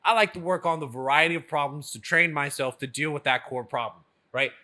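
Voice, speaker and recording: A man co-hosting a casual podcast chat, animated and laughing often as he acts out what others say. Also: on the high side, fairly quick. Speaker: podcast co-host.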